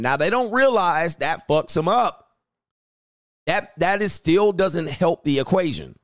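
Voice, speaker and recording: A man's voice: high-pitched, expressive, a little slow, no echo, studio quality. A man hosting a reaction channel, giving casual, profane dating commentary and acting out voices of the people he quotes.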